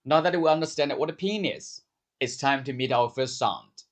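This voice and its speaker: A man giving a scripted pronunciation lesson, speaking slowly and clearly and drawing out the vowels he demonstrates. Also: medium pitch. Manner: slow, clear demonstrative speech with drawn-out vowels. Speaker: language teacher.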